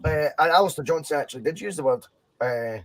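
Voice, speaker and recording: Animated Scottish man, slightly high voice. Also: fast. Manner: animated, rambling, swears freely. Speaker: podcast co-host. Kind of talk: casual football chat.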